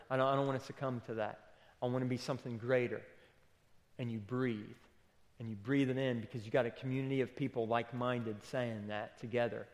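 A man preaching a sermon as pastor in a church, conversational and emphatic, often saying "okay" and "listen". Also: medium pitch. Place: church auditorium. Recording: long hall reverb.

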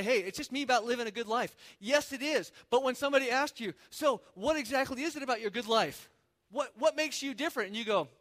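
Bright-voiced animated male pastor. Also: high-pitched. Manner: animated, conversational preaching with acted-out asides. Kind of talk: sermon.

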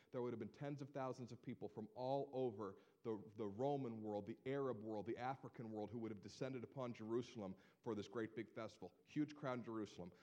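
A man from Northeast Ohio preaching a sermon, with a Northeast Ohio accent. He talks animatedly and builds to loud, emphatic proclamations. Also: medium pitch. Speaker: pastor.

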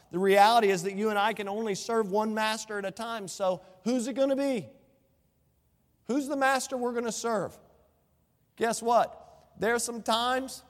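Pastor guy giving a sermon, pretty high voice, lots of rhetorical questions, big reverby hall. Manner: preaching with rhetorical questions and scripture quotes.

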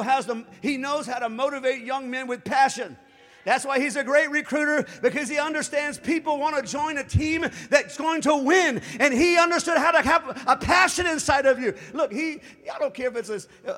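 A man preaching a sermon as pastor, swinging between impassioned shouting and quiet asides. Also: very high voice, brisk, in a large hall. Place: church.

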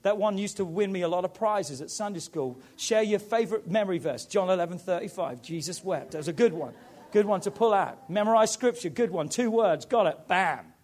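Pastor, male, high-pitched voice, emphatic sermon delivery. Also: lively intonation, brisk, hardly any pauses. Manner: emphatic, building to loud preaching.

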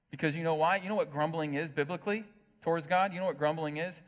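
A man preaching a sermon as pastor, animated, asking the congregation rhetorical questions. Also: fairly high pitch, fast. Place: church hall with long reverb. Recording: reverberant hall sound.

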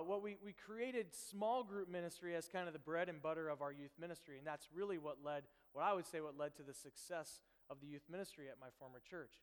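Animated high-voiced pastor in a hall. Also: male voice, smooth. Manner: animated storytelling, acts out dialogue. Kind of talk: conversational sermon.

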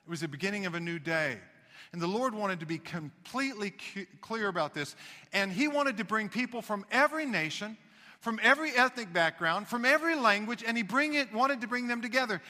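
A man's voice: high-pitched, sharp tone, big-room sound. A man preaching a sermon, emphatic, with folksy asides. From United States. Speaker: pastor.

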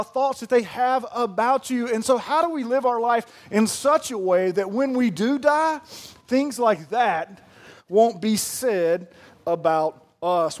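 A man, a pastor preaching a sermon in a folksy, joking storytelling way. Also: very high-pitched. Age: 30s.

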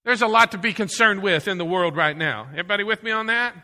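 A man's voice: high-pitched, fast talker, pushed and bright. A male pastor preaching a sermon, emphatic and repetitive, asking the congregation rhetorical questions. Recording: long hall reverb.

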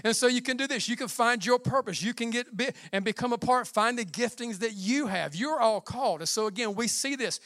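A man preaching a sermon as pastor, passionate and building to shouted climaxes, with casual asides. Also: extremely high pitch, a little fast, hardly any pauses, no room sound, clean studio sound.

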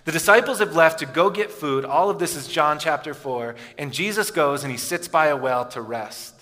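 Bright-voiced man preaching in a hall. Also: fairly high pitch, moderate pace. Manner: storytelling, often dropping soft and quiet for emphasis. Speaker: pastor. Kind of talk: sermon. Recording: echoey hall with long reverb.

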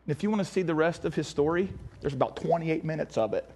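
A man preaching a sermon as pastor, animated, acting out voices and shouting at times for emphasis. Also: fairly high pitch, fast.

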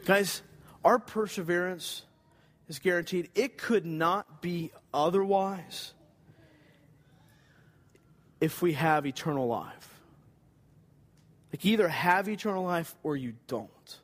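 Male preacher, earnest and emphatic, high voice, long hall echo. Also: takes it slowly, pauses often. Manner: earnest, emphatic, repeats key phrases. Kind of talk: sermon.

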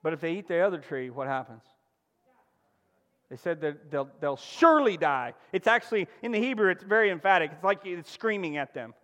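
A man preaching a sermon, emphatic and asking the congregation questions, swinging from loud exclamations down to a near-hush. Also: fairly high pitch, lively intonation, a little fast, big-room sound. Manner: emphatic, call-and-response preaching with sudden drops to a hush. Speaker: pastor.

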